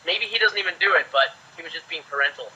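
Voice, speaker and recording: A man in his forties, an actor guest, telling chatty, lively anecdotes in a casual way. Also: on the high side, quick pace, slight background noise. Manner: lively, chatty, acts out quotes. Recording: dull lo-fi sound.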